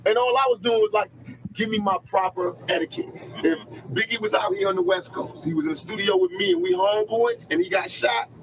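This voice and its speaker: A man's voice: high-pitched, a little fast, a little hiss or hum, poor audio. A man giving a heated, profane interview, telling his story emphatically in an archival recording. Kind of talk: candid interview.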